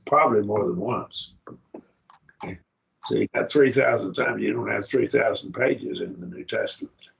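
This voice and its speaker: Slow, gravelly man teaching Greek grammar. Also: fairly low pitch, a bit bright, lo-fi sound. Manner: slow, repeats words aloud to model pronunciation. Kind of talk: classroom lecture. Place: church classroom.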